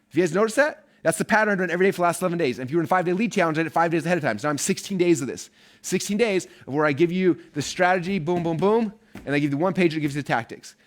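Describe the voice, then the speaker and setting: Fast-talking, upbeat male marketing coach. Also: on the high side. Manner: energetic, chatty, keeps asking "right?" and "okay?". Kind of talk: live online course teaching.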